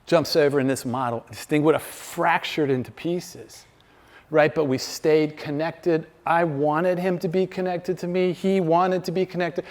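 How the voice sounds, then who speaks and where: A man's voice: fairly high pitch, steady tone, measured pace, darkish tone. A man giving a faith-based talk to a live audience, telling stories conversationally and acting out quoted dialogue. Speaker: speaker. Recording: long reverb from a large hall.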